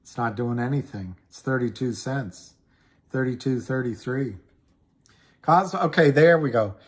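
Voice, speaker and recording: A man hosting a casual livestream, chatting slowly and rambling while reading viewer comments aloud. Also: medium pitch. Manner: slow, rambling, reads chat comments aloud. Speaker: livestream host. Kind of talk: casual livestream chat about stocks.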